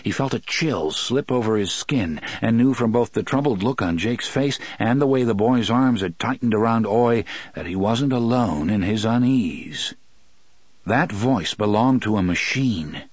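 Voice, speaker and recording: Low, husky male audiobook narrator. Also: dry recording. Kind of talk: scripted narration.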